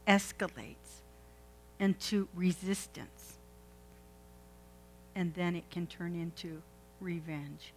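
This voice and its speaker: A woman's voice: medium pitch, fairly bright tone, rough recording. A woman preaching a sermon, retelling a scripture story in a chatty way and putting questions to the congregation. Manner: conversational, asks the congregation questions.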